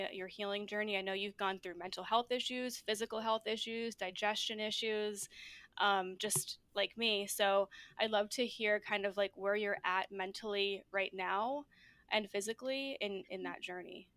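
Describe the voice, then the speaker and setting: A woman's voice: medium pitch, steady tone, unhurried, bright, forceful tone, clear, resonant tone, no room sound. A woman hosting a casual podcast conversation, rambling along with lots of fillers and "like"s. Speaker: podcast host.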